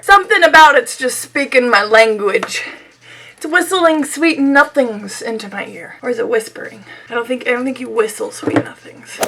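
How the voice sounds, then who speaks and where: A woman's voice: a little high, gravelly, bright, forceful tone. A young woman losing her voice, chatting casually and giggling through a beauty unboxing on her channel. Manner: chatty and giggly, rambling asides. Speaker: beauty vlogger.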